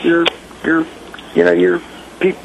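Gravelly middle-aged man, animated storyteller. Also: fairly high pitch, unhurried, background noise. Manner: animated, acts out quotes in raised voices. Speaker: guest musician. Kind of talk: casual storytelling chat.

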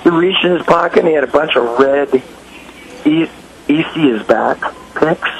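A middle-aged man telling stories in casual chat, animated, acting out quotes in raised voices. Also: fairly high pitch, normal speed, creaky, a crowd in the background, rough recording. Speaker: guest musician.

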